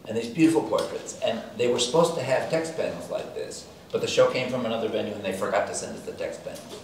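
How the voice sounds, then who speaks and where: A man who works at the gallery, recalling a past exhibit in a halting way with many pauses and restarts. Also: medium pitch, animated. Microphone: far from the microphone. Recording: distant, very echoey room with faint room noise.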